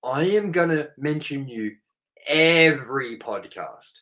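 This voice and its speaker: A man's voice: fairly high pitch, animated, takes it slowly, pushed and bright. Aussie guy on a podcast, swearing a lot, all fired up and ranting. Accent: Australian. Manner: profane, heated ranting. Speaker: podcast co-host. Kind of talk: casual podcast chat.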